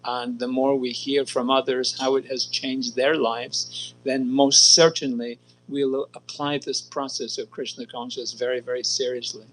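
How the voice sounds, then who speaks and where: A man's voice: medium pitch, flat delivery, moderate pace, hardly any pauses, slight background noise, low-quality recording. A man giving a devotional talk in a temple, telling an anecdote and repeating "he said" as he quotes people. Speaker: guest speaker. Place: temple hall.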